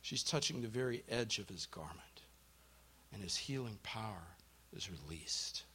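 A man with a lowish, breathy-edged voice and lively intonation teaches an interactive Bible study to a live group at a moderate pace. He tells the story, asks his listeners questions, thanks those who respond, and drops to a hush for dramatic moments.

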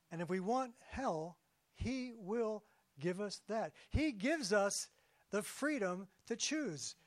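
A man giving a sermon as pastor, conversational and jokey, slowing down for emphasis. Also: sits high, no room sound.

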